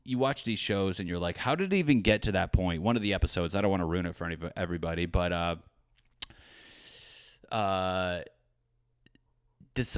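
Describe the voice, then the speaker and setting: A man in his thirties hosting a solo comedy podcast from his hot apartment, animated and swearing with jokey asides. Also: sits low, no echo, studio quality. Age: 30s. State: sweating in a hot room. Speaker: podcast host. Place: small apartment with windows shut.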